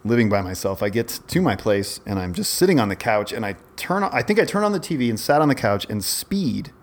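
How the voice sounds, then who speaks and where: Very animated and a bit fast, a lowish-voiced man in his forties co-hosts a podcast. He rambles through a lengthy story in casual chat, constantly breaking off and beginning again.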